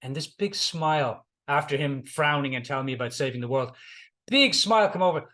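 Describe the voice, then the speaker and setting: A man's voice: on the high side, fairly quick, bright, forceful tone. A middle-aged man, a life coach, giving a motivational talk and retelling client stories, repeating key lines for emphasis.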